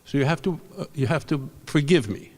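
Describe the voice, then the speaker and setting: An older man telling rambling, animated anecdotes on stage at an awards ceremony, correcting himself as he goes, through a stage microphone in a convention hall. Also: on the high side, a little fast. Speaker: veteran comic book inker and speaker. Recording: long hall reverb.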